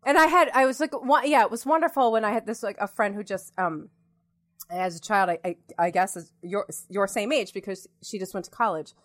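A woman's voice: medium pitch, a little fast, fairly bright tone. A woman chatting casually, talking in an earnest and reassuring way with lots of fillers. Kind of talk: casual chat.

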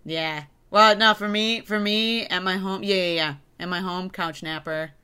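Playful young woman, bright voice. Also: mid-range voice, normal speed, clean tone. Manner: animated, jokey, playful baby talk. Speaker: podcast co-host. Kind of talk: casual podcast banter.

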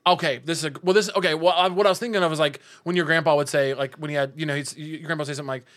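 A man's voice: a little high, steady tone, racing, fairly bright tone. Joking young man, Southern accent. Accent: Southern American. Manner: joking, teasing, laughs often. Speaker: podcast host. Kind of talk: casual podcast chat.

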